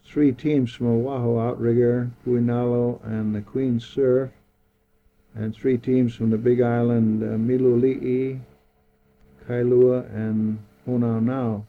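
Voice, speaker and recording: An older man recounting past events in a measured, hesitant way. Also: medium pitch, little pitch movement. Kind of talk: oral history recollection. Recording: tinny phone-like recording.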